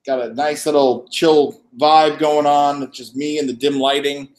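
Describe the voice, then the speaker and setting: A man on a casual live-stream chat, telling a lively story and acting out the dialogue. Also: on the high side, moderate pace. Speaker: co-host. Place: wine shop after hours, dim lighting.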